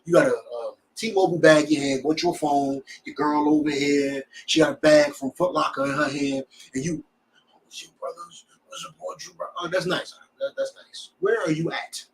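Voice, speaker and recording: A man's voice: a little high, moderate pace, hardly any pauses, distant mic, low-quality recording. A man teaching a scripture class in a blunt, preachy way, full of rhetorical questions.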